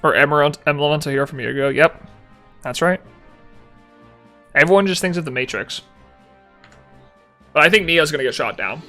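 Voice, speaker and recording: A young man with a high, bright voice talks casually on a live stream in a playful, mock-annoyed way. He reads chat messages aloud and answers them. Faint music plays softly underneath. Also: brisk, pauses often.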